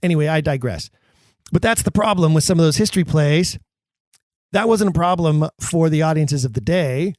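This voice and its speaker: A man hosting a podcast, teaching Shakespeare acting with emphatic delivery that drops low and slow for dramatic lines. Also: a little mellow, dry recording. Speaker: podcast host.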